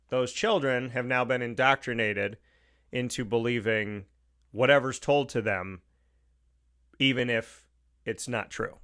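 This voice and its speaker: Sharp in tone and mid-range in pitch, this radio host with an Upstate New York accent pushes through an opinionated talk-show monologue, hammering his points again and again with emphasis.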